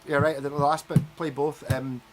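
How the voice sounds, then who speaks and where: Scottish male streamer, fairly high voice, animated and sweary, faint noise behind. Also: normal speed. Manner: lively, swears freely, mimics other people. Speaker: livestream host. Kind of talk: casual chat.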